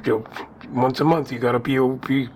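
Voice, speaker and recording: A man's voice: medium pitch, steady tone, a little fast, darkish tone, a little hiss or hum. A man co-hosting a podcast in casual, rambling conversation, often laughing. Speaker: podcast co-host.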